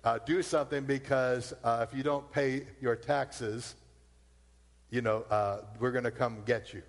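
A man's voice: mid-range voice, fairly even intonation, lightly acted. A man voicing a threatening phone scam caller who hesitates with fillers, heard with long hall reverb. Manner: halting, filler-laden, menacing.

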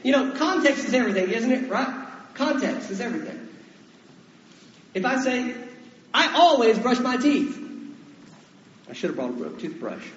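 A man's voice: very high-pitched, big pitch swings, normal speed, long pauses, a little hiss or hum. A man preaching a sermon as pastor, talking conversationally and putting questions to the congregation. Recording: echoey hall, dull sound.

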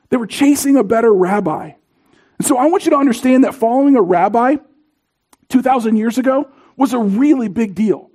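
A pastor in his thirties preaches in a loose, conversational way, slipping into stories as he goes. His voice sits very high for a man, with a mellow, relaxed tone. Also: fairly quick. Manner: conversational, animated storytelling. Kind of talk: sermon.

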